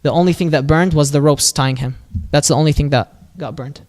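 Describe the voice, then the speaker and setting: Man, fairly high voice, animated religious storyteller, casual fillers, quoted voices acted out. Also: fairly quick. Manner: lively, animated retelling with quoted voices and Arabic phrases. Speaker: storyteller at a mosque.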